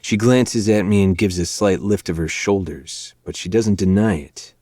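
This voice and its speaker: A man hosting a podcast, reading a dark romance novel aloud in a low, measured first-person narration. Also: dry recording, studio quality. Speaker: podcast host.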